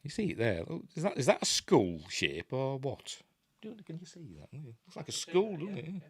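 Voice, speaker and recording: A man's voice: on the high side, sing-song, normal speed. A man with a Yorkshire accent rambling casually through a live film commentary from his webcam. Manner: rambling, chatty, self-interrupting. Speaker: host.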